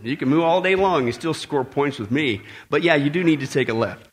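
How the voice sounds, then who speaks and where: A man preaching a sermon to a congregation, emphatic and animated, with joking asides and repeated warnings. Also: on the high side, brisk.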